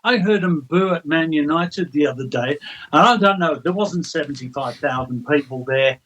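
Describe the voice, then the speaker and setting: Man, slightly raised pitch, blunt, exasperated football guest. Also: expressive, normal speed, a bit bright, rough recording. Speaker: guest pundit. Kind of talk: casual sports radio chat.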